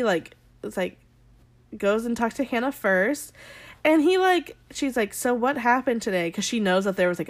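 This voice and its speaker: A young adult woman with a medium-pitched voice vlogs a recap of a TV episode, talking directly to her viewers. She's rambling, candid and opinionated, with heavy use of "like" and frequent swearing in this casual, chatty recap.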